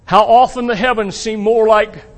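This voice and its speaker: A man preaching a sermon to his congregation, emphatic and asking them rhetorical questions, swinging between loud peaks and quiet asides. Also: sits high, steady tone, normal speed. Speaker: pastor.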